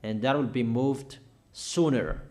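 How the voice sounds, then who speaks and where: A man preaching a prophetic sermon, slowly and emphatically proclaiming a list of declarations with heavy repetition. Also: medium pitch, dark tone.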